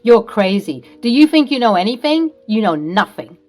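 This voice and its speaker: A woman's voice: on the high side, big pitch swings, normal speed, a little mellow, faint music behind. A woman voicing a scheming stepfather, a middle-aged man who blusters defensively. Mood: indignant.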